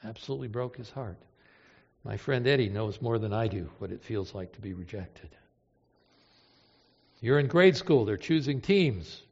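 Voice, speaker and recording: A man's voice: lowish voice, animated, moderate pace, pauses often, husky. Impassioned preacher man in an echoing hall. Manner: emotive, swings from hushed to impassioned. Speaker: pastor. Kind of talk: sermon. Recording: reverberant hall, dull lo-fi sound.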